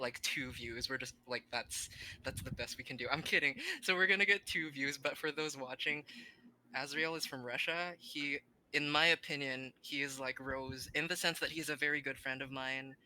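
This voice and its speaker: A podcast co-host in casual chat, excitable and breaking into loud, high laughs. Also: moderate pace, a little hiss or hum, poor audio.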